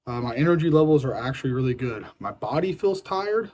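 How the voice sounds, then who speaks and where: A man's voice: medium pitch, big pitch swings, fairly quick, darkish tone, a little hiss or hum, low-quality recording. A young man on a strict diet, hungry and irritable, talking frankly and repeating himself in a casual vlog. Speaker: fitness vlogger on a diet. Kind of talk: casual vlog talk to camera.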